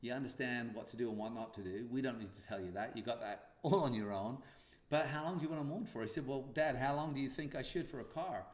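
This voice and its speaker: A man's voice: mid-range voice, quick pace, hardly any pauses, reverberant. A man hosting a podcast, telling a personal story in a casual way and acting out the dialogue. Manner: animated, acts out dialogue. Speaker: podcast host.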